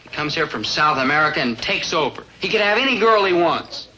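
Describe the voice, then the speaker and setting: An actor playing a glum, lovesick teenage boy with a wry, deadpan manner. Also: fairly high pitch, a little fast, a little hiss or hum, exaggerated voice, low-quality recording. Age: young adult.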